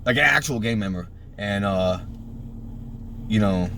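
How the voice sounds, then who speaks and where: A man's voice: on the low side, a little slow, a little hiss or hum. A man in his thirties from Puerto Rico, casually telling a story full of swearing and acting out the people in it. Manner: profane, animated, acts out quotes in a raised voice.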